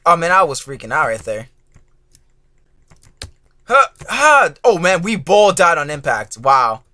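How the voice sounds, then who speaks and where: High, lively man yelling at a game. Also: a little slow, no echo. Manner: excitable, swears a lot, yells at the game; groaning frustration at failures. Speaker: gaming YouTuber. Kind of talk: let's play commentary.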